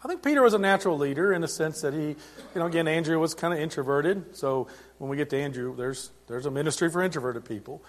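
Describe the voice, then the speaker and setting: A man's voice: a little high, lively intonation, fast. Man preaching a sermon, conversational. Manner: conversational preaching with frequent restarts and swings in loudness. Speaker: pastor.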